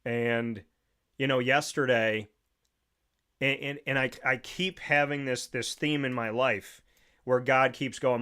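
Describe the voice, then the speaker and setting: Smooth-voiced man telling a rambling story. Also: medium pitch, steady tone, takes it slowly, bright, forceful tone. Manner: rambling storyteller, many restarts. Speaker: show host. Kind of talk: casual sports talk show chat.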